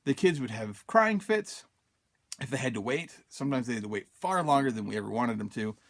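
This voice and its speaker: A podcast host from Utah, USA, speaks briskly in an expressive, creaky, medium-pitched voice. On his self-help podcast he tells a personal story casually, using many fillers and acting out his own thoughts as quotes.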